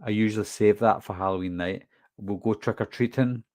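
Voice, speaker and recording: A Scottish man with a toned-down Glaswegian accent hosts a horror movie channel, chatting casually on a live stream as he reads out and answers viewer questions. His lowish, steady, slightly mellow voice moves fairly quickly, recorded with clean studio sound and no echo.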